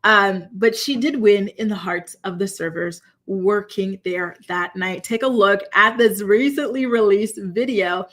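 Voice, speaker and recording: A woman with a mid-pitched voice hosts a casual gossip recap. She talks in a sassy, blunt, chatty way and addresses her viewers directly. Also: measured pace, hardly any pauses, a bit bright. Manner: talks straight to live chat viewers. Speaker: celebrity gossip host. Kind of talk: casual reality TV recap commentary.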